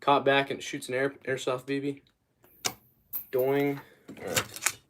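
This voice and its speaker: A man's voice: mid-range voice, monotone, measured pace, a bit bright, a little hiss or hum. A young man chatting casually on a livestream while working, rambling and easily sidetracked as he talks to his viewers. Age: young adult.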